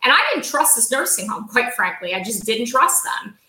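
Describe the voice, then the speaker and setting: A middle-aged woman answers interview questions as a podcast guest, stressing her points and repeating them. Her voice is bright and forceful. The room around her rings with echo. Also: fairly high pitch, expressive, normal speed. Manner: emphatic, repeats key phrases.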